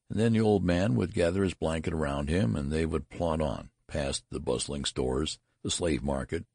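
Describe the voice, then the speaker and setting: A man reads a story aloud in an extremely low, gravelly voice. His telling is measured but lively in pitch. The sound is husky and very dry. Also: dry recording. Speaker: narrator. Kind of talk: audiobook narration.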